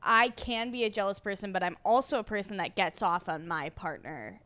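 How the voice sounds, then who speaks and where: A woman's voice: medium pitch, a little fast, fairly bright tone, no room sound. A young woman co-hosting a podcast, chatting casually with lots of fillers and frequent laughter. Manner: laughing, self-conscious, many fillers. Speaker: podcast co-host.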